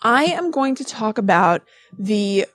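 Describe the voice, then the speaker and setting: A woman co-hosting a casual podcast, chatty and quick to laugh at herself, with a light New York tinge to her accent. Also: medium pitch, sing-song, no room sound. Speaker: podcast co-host.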